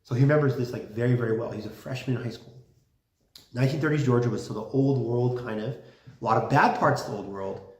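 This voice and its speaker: A man's voice: mid-range voice, quick pace, a little mellow. A man giving a casual classroom lecture, talking conversationally with many fillers and restarts. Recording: roomy classroom sound.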